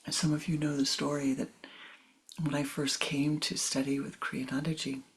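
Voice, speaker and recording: A woman spiritual teacher speaks in a low, husky voice. She tells a personal story, often sinking into soft whispered asides. She acts out the dialogue of the people in the story with feeling. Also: flat delivery, moderate pace. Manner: acts out quoted dialogue expressively.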